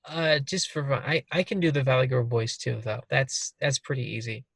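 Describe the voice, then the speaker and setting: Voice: medium pitch, normal speed, vocal fry, fairly bright tone, breathy edge, no echo. A laid-back speaker in casual chat, joking at their own expense.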